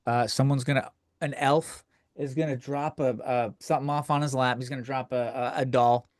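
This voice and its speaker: A man's voice: mid-range voice, steady tone, normal speed, no room sound. Profane ranting man, dry close mic. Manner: crude, profane, rambling with many restarts. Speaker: podcast host. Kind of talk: comedic rant.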